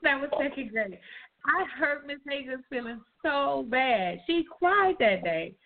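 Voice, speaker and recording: A woman's voice: high voice, measured pace. A woman co-hosting a casual talk show, animatedly telling a childhood story. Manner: animated, reminiscing, emphatic. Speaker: co-host. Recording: tinny phone-like line.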